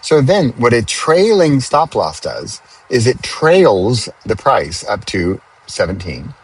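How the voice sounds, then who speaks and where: A middle-aged man hosting his own podcast, chatting casually and explaining things step by step with little asides, recorded in a car on the highway. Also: big pitch swings, slow, breathy edge, rough recording. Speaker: podcast host. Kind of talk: casual solo monologue.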